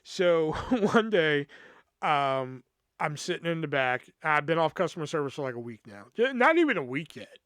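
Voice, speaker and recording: A man's voice: fairly high pitch, sing-song, normal speed, fairly bright tone, dry recording, clean studio sound. A man hosting a podcast, telling a story in a casual, exasperated way, swearing freely and acting out what his coworkers said. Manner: profane, exasperated, acts out quoted coworkers. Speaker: podcast host.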